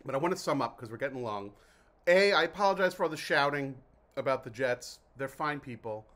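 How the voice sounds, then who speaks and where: A man's voice: medium pitch, animated, a little fast, a bit bright. A man from New Jersey hosting a casual vlog, reviewing mineral water in a chatty, jokey, self-interrupting way. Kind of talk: casual rambling vlog talk.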